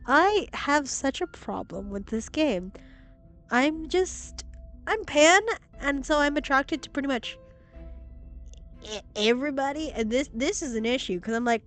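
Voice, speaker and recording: Excitable young woman streaming a game. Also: high voice, a little slow, soft background music. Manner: excitable, gushing, swears freely. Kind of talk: casual gameplay commentary. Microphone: laptop stream mic.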